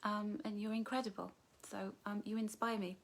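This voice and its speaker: A woman's voice: mid-range voice, level tone, moderate pace, gravelly. A middle-aged woman, chatting on a live stream and reading viewers' comments aloud, calling them darling and my love. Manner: warm, affectionate, calls viewers darling and my love. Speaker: author hosting a live book launch.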